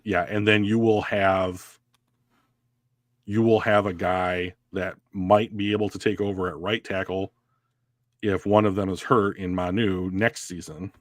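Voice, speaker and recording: A man's voice: low voice, flat delivery, measured pace, no echo, studio quality. A man co-hosting a podcast in casual chat, rambling with many fillers and restarts. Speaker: podcast co-host. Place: home.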